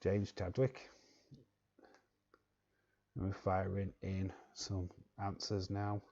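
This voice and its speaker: English male streamer, quiz host, unhurried and joking, low pitch. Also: monotone, mellow, muffled recording. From England. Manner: joking, chuckling, repeats words while reading chat. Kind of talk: casual live-stream chat.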